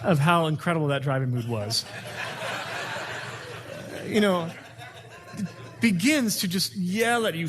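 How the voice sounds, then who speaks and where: A man giving a teaching talk on communication skills, an animated storyteller who acts out dialogue. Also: high-pitched, normal speed, long pauses, husky. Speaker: speaker teaching communication skills to youth workers.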